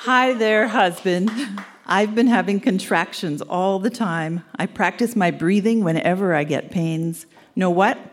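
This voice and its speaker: A woman's voice: medium pitch, unhurried, some chatter behind, slight background noise. A woman in her sixties reading her old love letters aloud on stage, fond and teasing. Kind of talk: reading aloud to a live audience. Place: live event stage.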